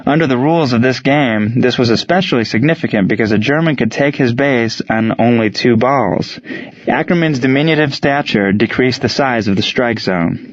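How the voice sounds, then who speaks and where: A man reading a story aloud as narrator, in steady storytelling narration. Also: medium pitch, moderate pace, no echo, dull audio. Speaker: audiobook narrator. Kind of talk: scripted narration.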